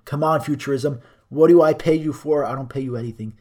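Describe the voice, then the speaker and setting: A man's voice: on the high side, fairly quick, a little mellow. A young man hosting a solo podcast, reading articles aloud and ranting about them in a profane, sarcastic way. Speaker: podcast host.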